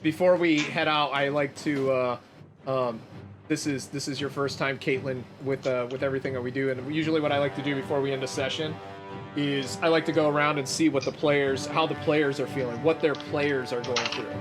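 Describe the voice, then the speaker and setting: A man narrating a tabletop role-playing game as game master, in a relaxed, chatty way. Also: mid-range voice, brisk, over music.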